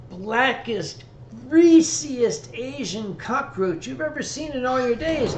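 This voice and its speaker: A man from Pennsylvania hosting a stream, telling a rambling, profane story in casual chat. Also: extremely high pitch. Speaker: streamer host. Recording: echoey room with faint noise.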